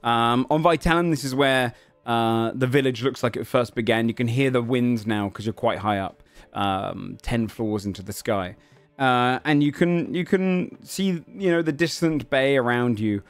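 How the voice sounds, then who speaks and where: A man's voice: medium pitch, moderate pace, smooth, dry recording. A man running a tabletop game as game master, describing scenes with lots of ums and uhs. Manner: rambling with many fillers.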